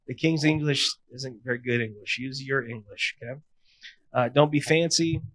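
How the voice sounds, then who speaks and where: A man in his thirties preaches in a relaxed, conversational way. He slips into playful asides. His voice sits at an ordinary middle pitch. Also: moderate pace, no room sound, low-quality recording. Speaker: pastor. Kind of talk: sermon.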